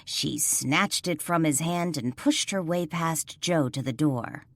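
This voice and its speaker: A woman narrating an audiobook in an even storytelling delivery. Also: deep voice, slow pace. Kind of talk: scripted narration.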